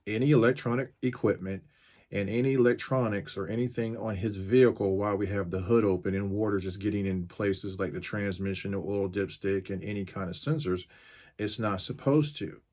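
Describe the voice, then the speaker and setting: Low voiced guy in his 50s, mechanic venting about a customer, blunt, gets fired up. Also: steady tone, brisk, a little mellow. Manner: firm, blunt and straight to the point. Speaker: mobile mechanic. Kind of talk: retelling a customer phone call to camera.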